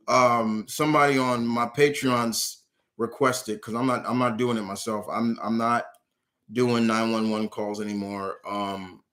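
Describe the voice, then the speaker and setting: A man's voice: medium pitch, fairly bright tone. A man hosting a casual live question-and-answer stream, reading viewers' questions aloud and answering them in a rambling, candid, emotional way with lots of fillers. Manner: emotional, earnest.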